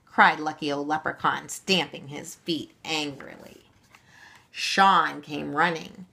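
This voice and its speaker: A woman reading a children's story aloud, expressive and gentle. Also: sits low, slow, gravelly.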